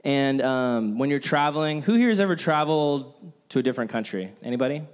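A man's voice: mid-range voice, expressive, a little fast, smooth. Chatty jokey young male preacher. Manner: chatty, jokey, self-deprecating. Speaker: youth pastor. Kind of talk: casual sermon with stories.

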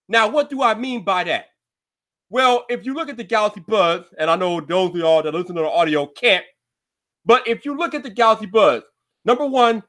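A man's voice: sits high, a bit bright. A man hosting a solo tech podcast, talking in a brash, slangy and emphatic way.

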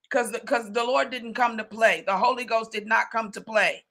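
A woman's voice: a little high, steady tone, brisk, creaky, few pauses. A woman preaching a fervent sermon, full of repeated questions and street slang, breaking into tongues. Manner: fervent, rising to speaking in tongues and shouting.

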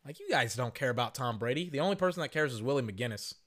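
A man hosting a podcast, passionately ranting about sports in an emphatic, repetitive way, his voice hoarse and worn from shouting. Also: medium pitch, animated, quick pace. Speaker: podcast host. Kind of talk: sports opinion rant.

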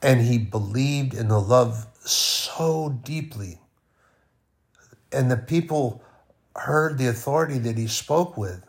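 A man giving an informal, conversational sermon, often dropping to a quiet voice. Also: mid-range voice, expressive, takes it slowly. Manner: conversational, with sudden soft drops to near-quiet. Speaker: preacher.

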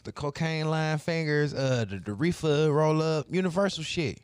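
A man's voice: on the high side, moderate pace, clear, resonant tone, no room sound. A man joking around in casual, crude banter with a friend. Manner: joking, crude banter, breaks into mock Jamaican lines. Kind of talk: casual chat.

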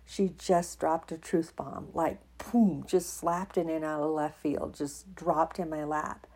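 A woman's voice: deep voice, fairly even intonation, slow pace, dark tone, husky. A woman hosting a podcast, telling a personal faith story in an emotional way and laughing often as she talks. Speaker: podcast host.

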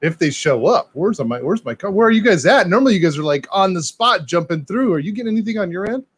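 Brief: excitable male co-host, slightly high-pitched, dry close sound, casual live chat. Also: fast talker, husky, no echo. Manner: excitable, chatty, says "dude" and "man" a lot. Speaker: co-host reading live comments.

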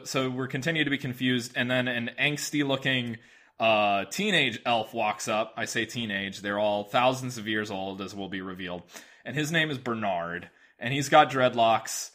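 A man's voice: mid-range voice, pushed and bright. A man, a podcast guest, chatting casually and rambling through a movie recap with acted-out lines. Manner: rambling, storytelling, acts out lines.

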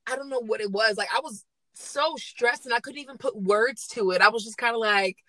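Bright, high-voiced chatty woman host. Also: a little fast, dry recording, low-quality recording. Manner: lively and chatty, laughs often, slangy. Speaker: podcast host and baker. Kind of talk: casual podcast interview.

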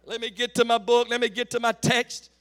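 A pastor in his late forties preaching a folksy call-and-response sermon that builds to shouts. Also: very high-pitched, little pitch movement, a little fast. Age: 40s.

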